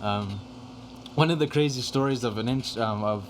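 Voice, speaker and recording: A man's voice: mid-range voice, moderate pace, slight background noise. A young man casually chatting on a podcast, rambling with lots of fillers and casual swearing. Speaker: podcast guest telling studio stories. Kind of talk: casual chat.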